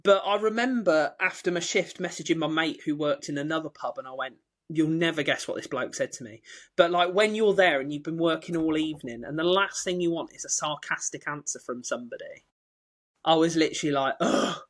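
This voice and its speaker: Chatty young man, higher voice. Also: fairly quick. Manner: chatty storyteller, acts out quoted people. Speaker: podcast co-host. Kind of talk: casual chat.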